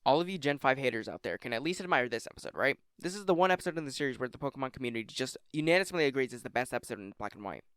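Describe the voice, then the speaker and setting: Fast, lively young man ranking episodes. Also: mid-range voice, clean tone, no room sound, studio quality. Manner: rambling, swears, jokey asides. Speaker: YouTube list host. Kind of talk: casual commentary countdown.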